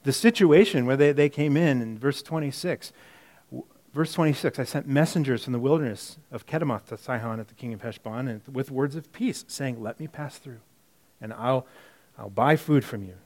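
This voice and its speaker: A man preaching a sermon in a conversational way, reading scripture aloud and moving between quiet, muttered asides and emphatic bursts, often repeating and correcting himself. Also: medium pitch, moderate pace. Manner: self-correcting, repeats words. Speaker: pastor.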